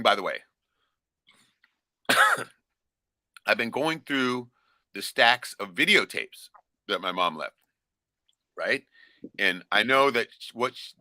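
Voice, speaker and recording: A man's voice: on the low side, pushed and bright, no echo. A middle-aged man from Alaska telling a rambling, profane story in casual talk, laughing often and tagging lines with "right?". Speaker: vlogger.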